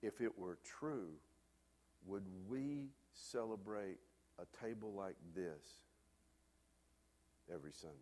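A man preaching a sermon, telling a lively personal story before turning to a quieter, earnest point. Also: lowish voice, slow pace, pauses often. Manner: animated storyteller, loud hollering peaks. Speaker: pastor.

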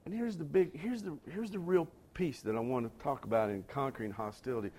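A man preaching a sermon, talking straight to his congregation with conversational asides and building to forceful emphatic lines. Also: medium pitch, brisk. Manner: rising to emphatic near-shouts on key lines. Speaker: pastor.

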